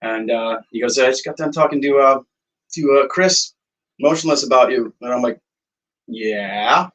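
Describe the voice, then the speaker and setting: Animated man telling stories, slightly off-mic. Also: medium pitch, brisk, recorded from a distance, poor audio. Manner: animated storyteller, acts out quoted dialogue, frequent fillers. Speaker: guest, songwriter and producer. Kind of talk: casual storytelling interview.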